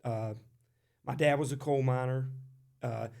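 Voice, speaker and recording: A man's voice: mid-range voice, fairly even intonation, measured pace, gravelly, darkish tone. A man from West Virginia, a podcast guest and Marine veteran, telling stories casually in a loose, talkative way with lots of fillers. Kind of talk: casual storytelling.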